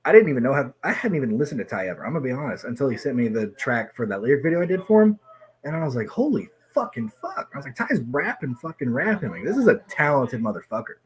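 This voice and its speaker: A man talking quickly and loosely in a casual chat, a little drunk. He swears freely, jumps between topics and gets loud and excited in bursts, then turns self-deprecating. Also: mid-range voice. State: tipsy.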